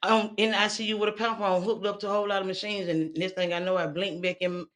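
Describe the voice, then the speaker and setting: A woman's voice: medium pitch, level tone, quick pace, a bit bright. A woman guest telling her own survival story in a candid, blunt and profane way. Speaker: interview guest. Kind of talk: candid personal testimony.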